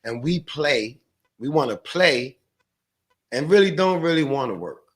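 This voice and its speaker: A man's voice: a little high, expressive, a little slow. A man guest on a podcast, a stock trader, talking in a slangy, profane, rambling way. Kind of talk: casual podcast chat.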